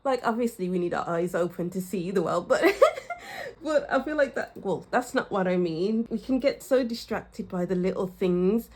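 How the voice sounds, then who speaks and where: A young woman reading tarot for her viewers in a casual, musing way, often searching for words and laughing softly. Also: mid-range voice, very animated, normal speed. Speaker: tarot reader.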